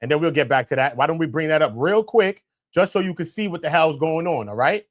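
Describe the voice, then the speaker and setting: A man's voice: a little high, expressive, brisk. A man commenting on a livestream, insistent and slangy as he walks viewers through a clip. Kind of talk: casual reaction commentary.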